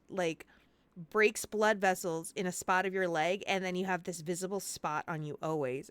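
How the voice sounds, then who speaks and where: A woman in her forties chatting casually on a game stream, telling stories in an animated, playful, self-mocking way. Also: lowish voice, smooth, no room sound. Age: 40s.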